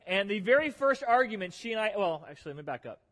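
High-voiced joking pastor in echoing hall. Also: male voice, fast talker. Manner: animated, joking, self-deprecating. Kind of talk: humorous sermon storytelling. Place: church sanctuary. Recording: long reverb of a large hall.

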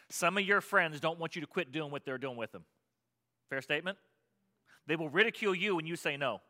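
A man preaching a sermon as pastor, swinging from loud, impassioned pleading to quiet explanation. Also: fairly high pitch, lively intonation, fast.

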